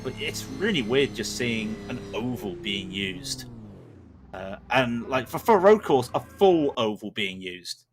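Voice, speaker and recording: A man co-commentating a live sim race, animated and tripping over his words. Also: medium pitch, a little slow, faint music behind.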